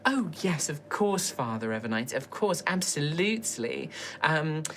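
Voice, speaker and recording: A woman voicing a glamorous young dragon noblewoman with a high, lilting, fake-charming manner. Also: very animated, measured pace, heavily acted. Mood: gushing.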